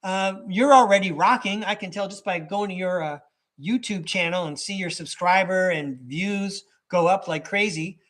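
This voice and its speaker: A man's voice: high-pitched, normal speed, a bit bright. A man hosting a live tarot reading for his chat, talking in a rambling, chatty way with lots of asides and small chuckles. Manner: chuckles between thoughts. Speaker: tarot reader and podcast host.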